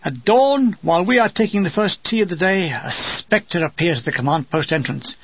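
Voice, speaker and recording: A man's voice: sits high, lively intonation, normal speed, husky, no echo. Wry British man reading a war memoir. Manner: wry, dry comic. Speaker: memoir narrator. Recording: dull, dry lo-fi recording.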